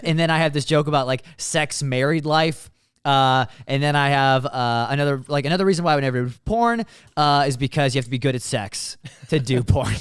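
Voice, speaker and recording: A man in his twenties, a comedian, running through his stand-up set with quick, animated joke delivery. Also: mid-range voice, smooth, no room sound, studio quality. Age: 20s.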